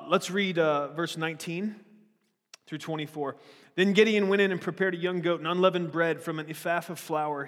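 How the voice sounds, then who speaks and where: A man's voice: fairly high pitch, fairly bright tone. Chatty male preacher in a reverberant hall. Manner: conversational, with joking asides and questions to the room. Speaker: pastor. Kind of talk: sermon.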